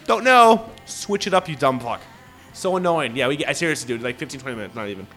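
A man in casual chat as a podcast co-host, excitable and swearing a lot. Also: medium pitch, fast, soft background music.

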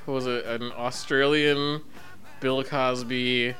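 A man's voice: mid-range voice, little pitch movement, slow pace, fairly bright tone, faint music behind. A young man co-hosting a podcast, chatting casually, swearing and laughing a lot. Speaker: podcast co-host. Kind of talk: casual chat.

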